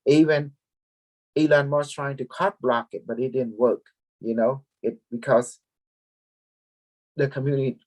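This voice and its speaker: Speaking unhurriedly with long pauses, a man with a medium-pitched, steady, darkish voice addresses his followers at length as their group leader. His casual spiritual talk wanders, repeats itself, and switches between languages.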